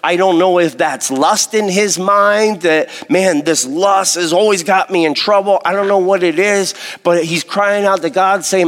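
A man's voice: sits high, a little slow, few pauses, fairly bright tone. A man preaching a sermon, reading scripture and earnestly asking the congregation questions. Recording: long hall reverb.

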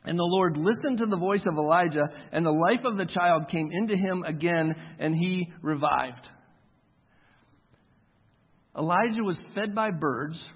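A husky man in his forties preaches a sermon in a relaxed, chatty storytelling style, and his voice sits a little high. The sound is dull and lo-fi, with a long echo from a church hall. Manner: conversational storytelling, acts out quoted voices. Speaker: pastor.

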